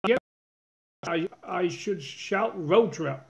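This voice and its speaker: A man's voice: high-pitched, animated, slow pace, gravelly, crowd noise. A man from Maine co-hosting a casual live-stream chat, talking in a laid-back, understated way with brief replies. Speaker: homesteader, co-host. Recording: dull lo-fi sound.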